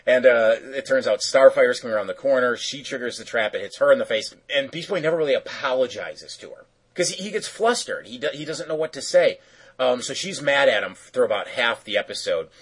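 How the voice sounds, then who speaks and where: A man's voice: medium pitch, expressive, a little fast, slightly rough, rough recording. A man casually recapping a cartoon episode, rambling with lots of fillers and self-corrections.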